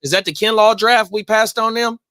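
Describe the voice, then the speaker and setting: A man's voice: high-pitched, steady tone, normal speed, bright, forceful tone, no echo. Laid-back slangy young man. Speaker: podcast co-host. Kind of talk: casual sports chat.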